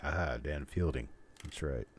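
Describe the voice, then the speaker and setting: A man's voice: extremely low pitch, unhurried, slight background noise. A middle-aged man hosting a coin roll hunting livestream, rambling and joking as he goes, chuckling often. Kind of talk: casual live-stream chat.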